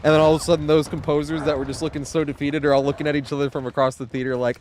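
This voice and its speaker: A man's voice: on the high side, flat delivery, racing, hardly any pauses, a little mellow, slight background noise. A man streaming a game, chatting casually and retelling a favorite movie at length, with many fillers.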